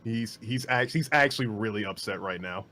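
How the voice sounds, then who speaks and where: A man's voice: on the low side, moderate pace, pushed and bright, slight background noise. A man playing a tabletop game who describes his character's actions in a casual way. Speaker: player.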